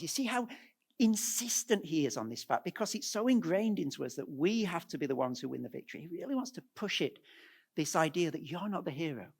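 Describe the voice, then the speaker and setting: A middle-aged man giving a presentation at a church, animated and asking the audience rhetorical questions. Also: sits high, normal speed. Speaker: guest speaker.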